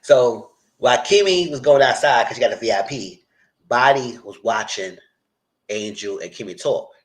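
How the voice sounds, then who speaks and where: Animated man recapping a TV episode. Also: medium pitch, normal speed. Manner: animated, acts out characters' lines in quotes; chatty, addresses viewers directly. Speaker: TV show reviewer. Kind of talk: casual live TV recap.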